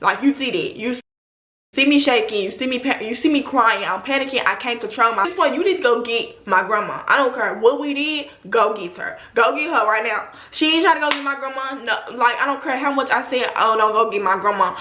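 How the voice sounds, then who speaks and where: A young adult woman vlogger telling a story in a slangy, animated way, talking straight to her viewers. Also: a little high, fairly quick. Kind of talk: casual storytime. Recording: roomy echo.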